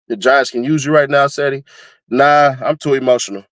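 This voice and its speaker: A man hosting casual commentary, talking animatedly and laughing often, now and then breaking into high-pitched screaming bits. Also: fairly even intonation, a little fast, a bit bright, no echo. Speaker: commentary host.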